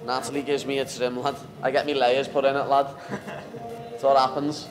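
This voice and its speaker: A man's voice: mid-range voice, flat delivery, moderate pace, music in the background. Cocky young Liverpool man, brash banter. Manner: cocky, banter-heavy, says "lad" constantly. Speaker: MMA fighter. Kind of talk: casual interview.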